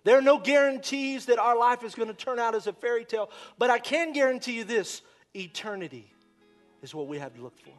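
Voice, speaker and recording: A male pastor preaching a sermon with passion, swinging from shouts down to near-whispers. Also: very high voice, animated, fairly quick, faint music behind.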